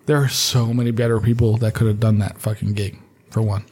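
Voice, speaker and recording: A man's voice: fairly low pitch, flat delivery, brisk, a little mellow, slightly rough. A man hosting a podcast in casual chat, ranting and swearing freely. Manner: profane, ranting. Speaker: podcast host.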